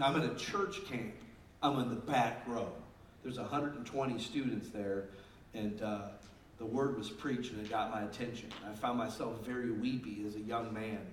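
Male pastor in his fifties, sermon delivery, emphatic then hushed, echoey room, a bit off-mic. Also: mid-range voice, a little hiss or hum. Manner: emphatic, swinging between loud emphasis and quiet asides. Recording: roomy and distant with faint ambience.

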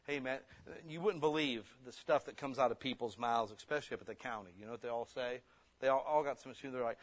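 A man preaching a sermon, blunt and forceful, slipping into quick mimicked excuses. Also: mid-range voice.

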